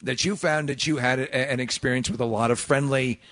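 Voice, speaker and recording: A man's voice: mid-range voice, steady tone, fairly quick, a bit bright. A man from the northeastern United States hosting a casual chat, rambling and often restarting his sentences. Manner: rambling, self-correcting. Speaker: host.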